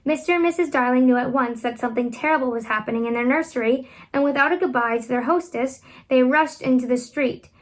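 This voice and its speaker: A woman reading a children's classic aloud at home, expressive and animated, lifting her voice for the children's lines. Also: sits high, fast, few pauses. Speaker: reader.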